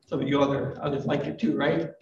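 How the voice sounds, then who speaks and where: A man in his fifties or older preaching a live sermon, gentle and reflective, with light self-deprecating humor. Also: medium pitch, steady tone, fast talker, slight background noise. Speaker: pastor. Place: church hall at a live service. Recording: roomy, distant, dull live recording.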